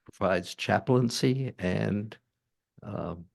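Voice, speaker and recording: A man hosting a church forum, introducing the guest speaker to the audience in a halting, light-hearted way. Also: lowish voice, gravelly, darkish tone. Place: church meeting room.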